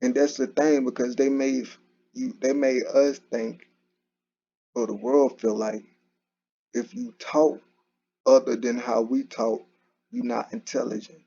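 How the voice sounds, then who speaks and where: A man's voice: medium pitch, a little slow, gravelly, long pauses, warm tone, slightly rough. A man, talking in a casual, conversational monologue with frequent restarts and repeated "you know". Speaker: commentary channel host. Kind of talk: casual solo commentary. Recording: dull lo-fi recording.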